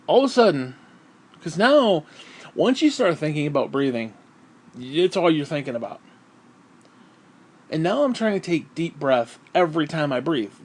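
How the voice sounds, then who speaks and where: A man's voice: a little high, a little mellow. A man talking through a profane, rambling vlog monologue, short of breath and sighing often. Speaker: vlogger.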